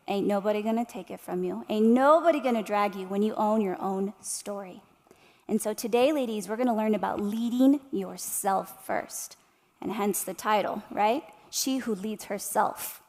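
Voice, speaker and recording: A woman's voice: fairly high pitch, a little mellow, big-room sound. A woman in her thirties giving an inspirational keynote to a live audience, speaking passionately and asking them rhetorical questions. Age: 30s. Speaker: motivational speaker.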